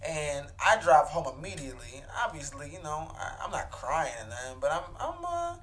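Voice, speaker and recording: A young man in his twenties, a podcast co-host, telling an animated comedic story and acting out the dialogue. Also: on the high side, normal speed. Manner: animated, laughing, acts out dialogue.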